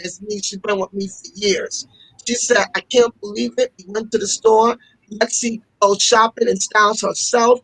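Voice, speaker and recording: A woman who runs a fashion school talks casually as an interview guest, telling her stories with passion and repeating herself often for emphasis. She has a medium-pitched, fairly bright voice, and the low-quality recording carries no room sound.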